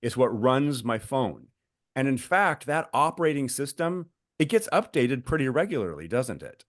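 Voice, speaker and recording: Animated man explaining with fillers, dry mic. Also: mid-range voice, moderate pace, no echo. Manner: animated storyteller, many fillers and restarts. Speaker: guest author and coach. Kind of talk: podcast conversation, explaining.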